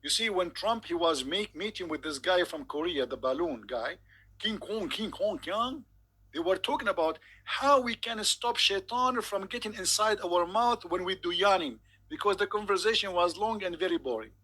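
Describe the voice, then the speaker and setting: Sarcastic guy doing a mocking comedy rant, high bright voice. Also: lively intonation, moderate pace, slightly rough. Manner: sarcastic, mock-incredulous. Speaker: comedic commentator.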